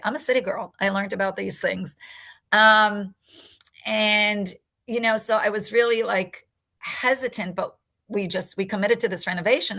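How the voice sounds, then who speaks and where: Older woman telling a story, gravelly. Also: mid-range voice. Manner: animated storyteller, acts out quotes. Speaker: rebbetzin and mikveh attendant. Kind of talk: personal storytelling talk.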